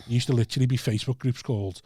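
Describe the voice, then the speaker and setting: A man telling a story on a podcast, animated and swearing as he acts out the voices. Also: mid-range voice, very fast, husky. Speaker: comedian.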